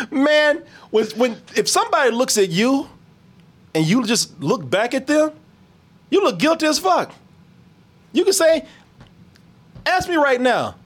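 A man hosting a casual reaction chat, animated, laughing often and swearing freely. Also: extremely high pitch, unhurried, long pauses. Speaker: podcast host.

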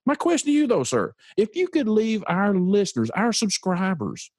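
A man hosting a podcast interview, telling a story in an animated way and acting out the voices of the people in it. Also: sits high, moderate pace, no echo, studio quality. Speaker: podcast host.

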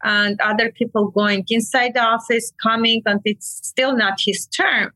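A woman from Armenia with an Armenian accent, a clinic owner telling lively stories in casual, broken English during an interview. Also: on the high side, unhurried, dry recording, rough recording. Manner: animated storyteller, broken English, laughs often. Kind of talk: conversational interview.

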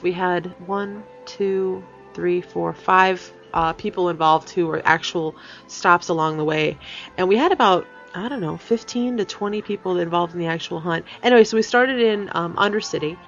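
A woman hosting a podcast in casual chat, talking chattily with many fillers and frequent laughs. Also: on the low side. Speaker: podcast host. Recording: dull lo-fi sound.

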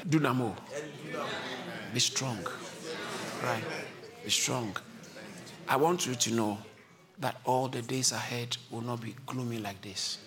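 A man preaching a sermon with passion, repeating his lines and climbing to high shouts, with a congregation answering him. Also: slow, long pauses, a crowd in the background. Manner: impassioned, repeats phrases, builds to high shouts. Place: church service. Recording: live congregation audible.

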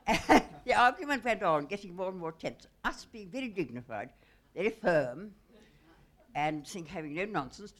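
A woman telling a personal anecdote at a live salon, wry, understated and self-mocking. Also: medium pitch. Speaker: storyteller guest.

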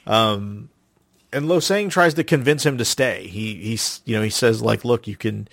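A man's voice: fairly low pitch, lively intonation, unhurried, creaky, a bit bright, no room sound, clean studio sound. Man recapping with lots of ums. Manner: recounts plot with many ums and restarts. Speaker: podcast host. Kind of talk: casual recap chat.

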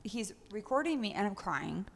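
A blunt mother chatting casually as a guest, her voice rising and falling in an animated way. She swears constantly, and a light hall reverb trails her words. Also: mid-range voice, moderate pace, creaky. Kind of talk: casual chat.

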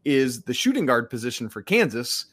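A man co-hosts a casual sports podcast, reeling off scores and rankings. He keeps an upbeat tone and slips small chuckles between the numbers. His voice sits at an ordinary middle pitch. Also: very animated, normal speed, fairly bright tone, husky.

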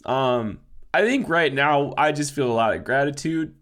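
A man co-hosting a podcast, crying as he speaks haltingly, full of fillers and teary laughs. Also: medium pitch, a bit bright. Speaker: podcast co-host. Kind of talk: emotional podcast farewell.

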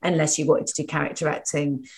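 A woman's voice: sits low, little pitch movement, quick pace, darkish tone. A woman in her thirties from England, a presenter chatting frankly as a podcast guest. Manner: frank, self-deprecating, fluent. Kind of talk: casual podcast chat.

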